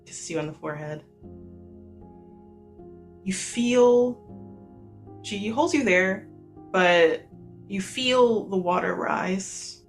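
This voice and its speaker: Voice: mid-range voice, drawn-out words, pauses often. Game master, tabletop narration, loose, fillers, faint music behind.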